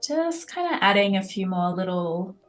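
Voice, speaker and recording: A woman from Australia, a guest lettering artist, relaxed and talking as she draws. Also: medium pitch, moderate pace, soft background music, rough recording. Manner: relaxed, talks while drawing. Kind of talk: casual demo narration.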